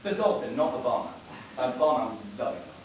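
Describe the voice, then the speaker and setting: A man's voice: mid-range voice, sing-song, quick pace. Man doing stand-up, distant and tinny. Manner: rambling, self-mocking, bursts into shouting rants. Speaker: stand-up comedian. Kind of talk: stand-up comedy set. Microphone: camera far from the stage. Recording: distant, tinny, hissy, roomy amateur recording.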